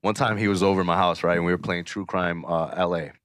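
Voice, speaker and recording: A man hosting a podcast in a small studio, telling stories loudly, laughing and swearing as he goes. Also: deep voice, fairly even intonation, fast talker, no room sound. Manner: loud storytelling, laughing, swearing. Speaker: podcast host. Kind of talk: casual chat.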